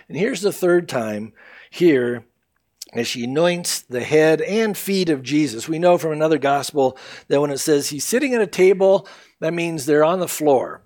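Speaking at a fairly high pitch, this pastor gives his sermon in a lively, conversational style. He often turns to the congregation with offhand remarks.

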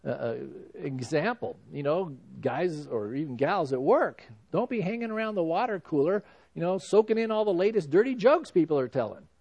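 A man's voice: on the high side, lively intonation, moderate pace, a little mellow, husky, dull audio. A male pastor giving a sermon in a conversational preaching style, with frequent "you know" asides.

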